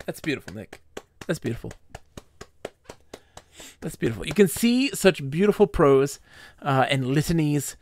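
A man's voice: a little high, animated, moderate pace, pauses often, darkish tone, a little hiss or hum. A male streamer reading a story with theatrical flair, then chatting casually with a mock-grand manner.

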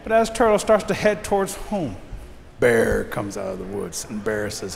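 A man telling a folk tale aloud in an animated way, acting out the action. The recording has long reverb and faint noise. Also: fairly low pitch, moderate pace, gravelly. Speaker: storyteller. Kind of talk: oral folk storytelling.

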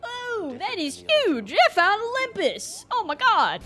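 A woman giving casual, joking gameplay commentary, with lots of excited exclamations. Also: extremely high pitch, takes it slowly, loud music behind the voice. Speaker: video game player.

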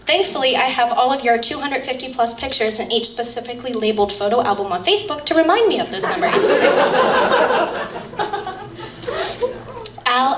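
A young woman with a fairly high voice gives a chatty, giggling wedding toast, emotional beneath the jokes. She sounds distant in an echoey reception hall with faint noise behind her. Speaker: bridesmaid giving a toast.

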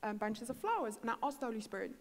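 Racing along in a sing-song voice that sits a little high, a woman guest preacher gives a storytelling sermon and acts out her stories' dialogue. Long reverb from the church hall surrounds her.

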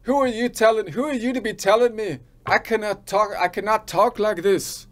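A man's voice: high voice, steady tone, normal speed, voice pushed up, lightly acted. A man putting on an Irish accent to voice a small, indignant halfling. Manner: huffy, defiant.

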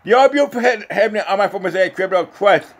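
Halting man reading scripture aloud. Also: high voice. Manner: halting, repeats words and restarts often; casual and rambling when talking off the text, often asks "you know?". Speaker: lay preacher. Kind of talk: reading scripture aloud, then informal testimony.

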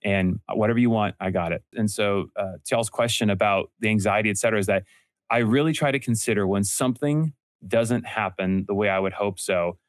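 A man speaks as an interview guest in a lowish voice, earnest and storytelling, often stopping to restart a thought. The recording is close and dry, with no room sound around him. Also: fairly quick, dry recording. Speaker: guest entrepreneur. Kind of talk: casual interview conversation.

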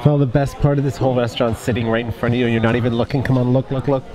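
A man's voice: mid-range voice, fairly even intonation, racing. A man vlogging his travels in an easygoing, chatty way, laughing easily. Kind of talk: casual travel vlog chat.

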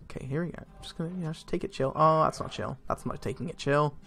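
A young man giving casual, excitable gameplay commentary, swearing a lot and laughing often. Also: a little high, fast, gravelly. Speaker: let's play gamer. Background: faint game music.

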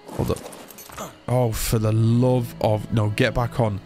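A young man chatting excitedly as he commentates his own game playthrough. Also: fairly low pitch, slow. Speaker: gaming YouTuber. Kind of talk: let's play commentary. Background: game music.

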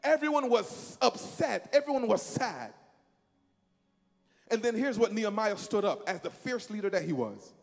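Male preacher, lively swooping delivery, call-and-response sermon, echoing hall. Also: high-pitched, normal speed, vocal fry. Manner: emphatic, repeats phrases, leads the congregation in call-and-response.

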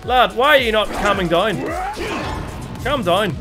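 A young man streaming a video game, chatting casually and excitedly with his viewers. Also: sits high, slow, pauses often. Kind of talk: casual live-stream commentary. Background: game music and sounds.

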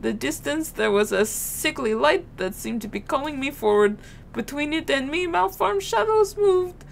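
A woman voicing a haunted male French soldier reading his formal report aloud in a mock French accent, in a stilted, halting way. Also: high voice, expressive, vocal fry, a little hiss or hum, voice pushed up.

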